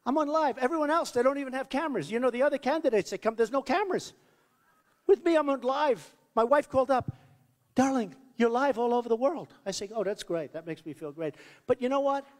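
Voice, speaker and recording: Boastful candidate with a lively, high voice. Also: male voice, fast. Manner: rambling, boastful, repeats himself. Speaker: political candidate. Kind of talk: campaign rally speech. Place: large rally venue. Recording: long reverb of a large hall.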